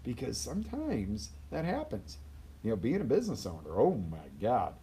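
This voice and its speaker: A man giving a live motivational talk as a life coach, energetic, swinging between loud bursts and quiet asides and acting out quoted voices. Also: mid-range voice, normal speed, a little hiss or hum.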